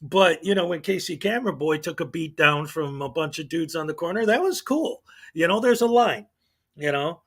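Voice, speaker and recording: A man's voice: fairly high pitch, expressive, moderate pace, husky. A man giving casual, exasperated commentary to his channel, sarcastic and sighing. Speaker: online video commentator.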